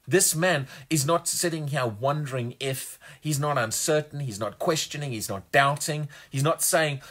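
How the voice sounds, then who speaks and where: Husky-voiced man preaching emphatically. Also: fairly high pitch, moderate pace, hardly any pauses, a bit bright. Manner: emphatic, repeats words when building a point. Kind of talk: sermon.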